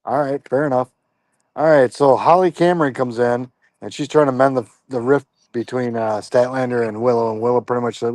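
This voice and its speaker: A man's voice: medium pitch, steady tone, a little fast, darkish tone, dry recording. A man co-hosting a wrestling podcast, recapping a show in a laid-back, hesitant way. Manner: easygoing, hesitant, lots of ums and fair enoughs. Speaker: podcast co-host.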